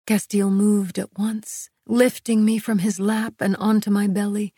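Slow husky woman narrating romance. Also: mid-range voice, flat delivery, no room sound, studio quality. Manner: soft, breathy, intimate. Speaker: audiobook narrator. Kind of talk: first-person romance audiobook narration.

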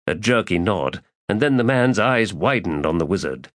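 A man narrating a fantasy audiobook in a measured storytelling voice. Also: deep voice, very animated, no room sound, clean studio sound.

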